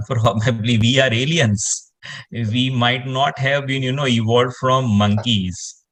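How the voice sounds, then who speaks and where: Guy chatting about the cosmos, rambly, says you know a lot, normal pitch. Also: slow pace. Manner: explanatory, rambling, heavy on "you know" fillers. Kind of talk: casual conversation.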